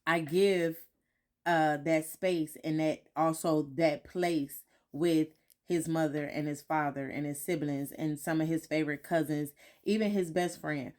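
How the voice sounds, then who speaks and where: Candid woman talking in a low voice. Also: fairly even intonation, a little slow, darkish tone. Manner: candid, repeats phrases, frequent "right?". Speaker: vlogger. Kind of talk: casual reflective talk to followers. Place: home, morning.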